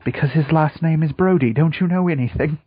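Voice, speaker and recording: A man's voice: on the high side, a little fast, breathy edge, no echo. A man co-hosting a podcast in casual comedic chat, dry and sarcastic, swearing. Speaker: podcast co-host. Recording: dull lo-fi audio.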